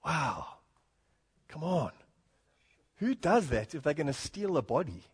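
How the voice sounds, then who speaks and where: A man's voice: on the high side, big pitch swings, a little slow, slightly rough. A man preaching an earnest expository sermon, often rising to emphatic points and chuckling between them. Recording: long hall reverb.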